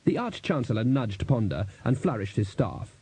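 A man narrating an audiobook in a measured, even storytelling manner, giving each character a voice. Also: mid-range voice, husky, no room sound.

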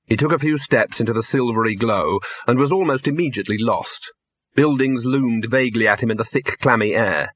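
A man narrating an audiobook in a measured, dry storytelling manner. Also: medium pitch, fairly bright tone, husky, no room sound. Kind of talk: scripted narration. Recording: dull lo-fi.

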